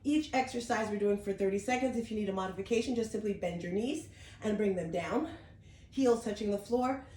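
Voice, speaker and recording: Talking a little fast in a medium-pitched, darkish voice, a woman fitness instructor walks viewers through a workout on a mat in her home. She's encouraging and upbeat while demonstrating, slightly out of breath, and the distant camera mic leaves the room echoey.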